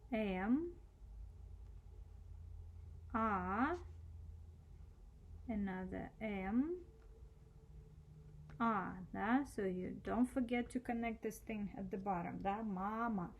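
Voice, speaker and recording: A woman's voice: medium pitch, very slow, pauses often, lo-fi sound. A woman teaching cursive letters, spelling them out patiently and checking in with short questions. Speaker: Russian language teacher. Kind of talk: slow step-by-step handwriting lesson.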